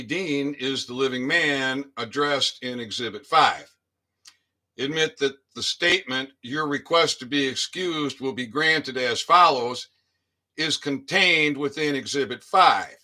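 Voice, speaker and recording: Man reading legal claims, sharp voice. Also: on the high side. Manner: reads formal statements with muttered asides. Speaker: citizen activist. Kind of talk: reading a legal document aloud.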